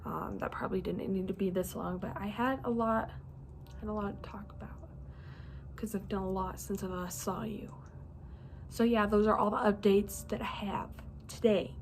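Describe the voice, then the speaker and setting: A woman's voice: medium pitch, a little hiss or hum. A young woman chatting casually about books in a rambling, bubbly way, sleepy and yawning now and then. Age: young adult. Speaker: reading vlogger. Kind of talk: casual chat.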